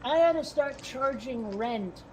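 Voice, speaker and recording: A woman's voice: sits high, measured pace, slight background noise. Woman with dry teasing comebacks. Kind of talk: casual chat.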